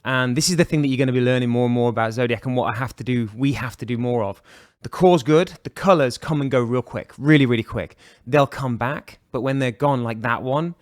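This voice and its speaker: A man's voice: mid-range voice, fairly quick, few pauses. A man with a British accent, talking as a guest on a casual podcast in a chatty, enthusiastic way with frequent restarts. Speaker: guest, watch brand director.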